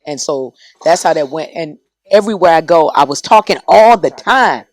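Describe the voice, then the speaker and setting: Middle-aged woman radio personality, animated storyteller, dry close studio sound. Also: deep voice, normal speed, no echo. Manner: lively, animated storyteller acting out quotes. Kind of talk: casual podcast storytelling.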